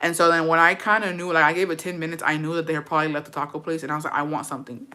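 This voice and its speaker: A young woman telling a story in casual chat, animated and profane, slipping Spanish phrases into her English. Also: deep voice, rapid-fire, background noise.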